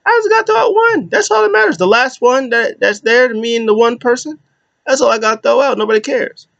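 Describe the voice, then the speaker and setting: A man putting on a mocking impression of a cocky young male showman bragging, in a smug squeaky voice. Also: expressive, fast talker, creaky, fairly bright tone, highs cut off, exaggerated voice.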